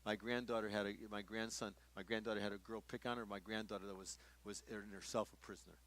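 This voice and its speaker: An older pastor preaches to a workshop audience in a low voice. He tells stories and acts out the dialogue, getting louder and softer as he goes. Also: fairly even intonation, fast. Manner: storytelling, acting out dialogue with shifts in loudness. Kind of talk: sermon teaching at a workshop.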